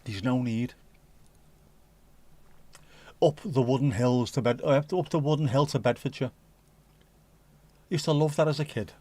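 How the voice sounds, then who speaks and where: A man's voice: medium pitch, measured pace, long pauses, dark tone, husky, no room sound. Sweary man chatting on a livestream. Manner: rambling, jokey and sweary, full of British slang. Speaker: livestream host. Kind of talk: casual livestream chat, reading out viewer messages.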